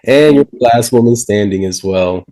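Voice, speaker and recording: A man hosting a reality show reunion, leading the recap with steady questions. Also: mid-range voice, normal speed, rough recording. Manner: steady, leads the talk with questions. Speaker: reunion host.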